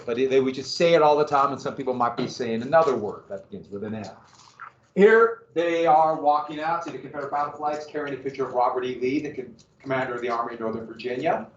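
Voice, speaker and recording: A man's voice: medium pitch, a little fast, slight background noise. A man teaching a history class, lecturing casually with asides and questions to his students. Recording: roomy, distant, dull classroom recording.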